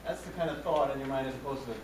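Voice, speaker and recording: A man's voice: medium pitch, rapid-fire. Man explaining to a choir, far off. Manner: explanatory, quizzes the singers. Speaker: choir coach. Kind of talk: rehearsal coaching. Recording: echoey room from far off, noisy.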